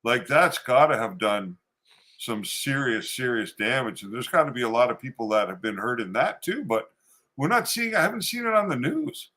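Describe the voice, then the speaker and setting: A man's voice: mid-range voice, moderate pace. A man co-hosting a casual podcast who talks emphatically and puts in eager remarks while the other host talks. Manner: emphatic, animated interjections. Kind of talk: casual chat.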